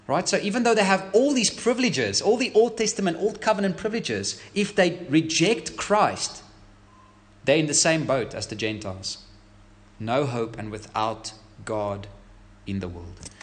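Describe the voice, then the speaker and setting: A man's voice: fairly high pitch, normal speed. Guy preaching a sermon, voice all over the place, keeps asking "right?". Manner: animated, emphatic preaching with rhetorical questions. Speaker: pastor.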